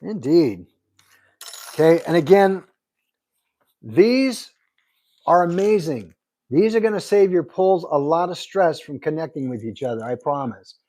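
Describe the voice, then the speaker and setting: A man's voice: fairly high pitch, lively intonation, moderate pace, warm tone. Chatty man hosting a livestream. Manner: chatty, reads out viewer comments, thanks viewers a lot. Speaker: livestream host. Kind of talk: casual live chat. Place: Arizona.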